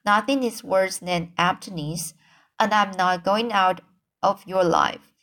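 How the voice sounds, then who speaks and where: A woman voicing an imaginative young girl, reading slowly and earnestly. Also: medium pitch, a bit bright.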